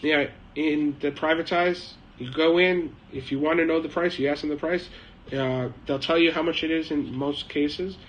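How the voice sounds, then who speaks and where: A man's voice: a little high, fairly even intonation, normal speed, muffled recording, a little hiss or hum. A middle-aged man hosting a live chat, telling a casual, rambling story with lots of uh and um fillers. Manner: rambling, anecdotal, frequent uh and um fillers. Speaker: host of a live chat stream. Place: home shed, living in China.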